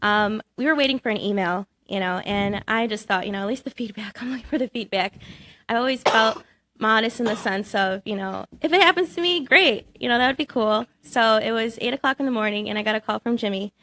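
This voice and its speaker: A woman guest on a radio interview, telling a story in an animated, expressive way. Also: on the high side, a little fast, no room sound. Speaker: award-winning student scriptwriter guest. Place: radio studio.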